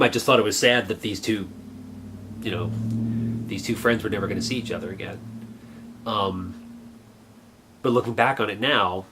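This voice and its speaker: A man in his forties earnestly recalling a childhood memory in a halting, reflective way. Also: on the low side, fairly bright tone, husky. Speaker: vlogger. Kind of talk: personal reminiscence.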